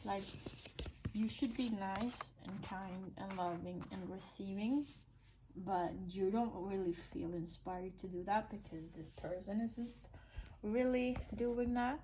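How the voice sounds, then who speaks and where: A woman's voice: medium pitch, slow, background noise. Blunt, rambling woman reading oracle cards. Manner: rambling, blunt, swears casually. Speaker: oracle card reader. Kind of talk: casual intuitive card reading.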